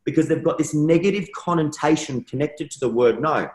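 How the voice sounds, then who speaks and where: A man's voice: on the high side, fairly quick, echoey room, low-quality recording. A young man, an interview guest, telling stories casually and acting out dialogue in shifting voices. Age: young adult. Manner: animated storyteller, acts out dialogue in shifting voices.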